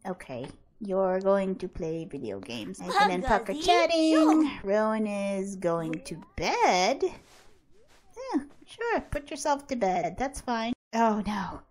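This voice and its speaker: A woman's voice: mid-range voice, big pitch swings, slow, a little mellow. A woman giving casual gameplay commentary as host of her channel, chatty and laughing often as she talks to her game characters.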